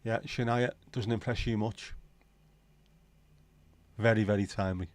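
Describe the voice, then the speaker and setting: Unhurried and steady, a man with a fairly low voice hosts a casual livestream with no room sound. He reads viewer comments, rambles, jokes around, and swears casually.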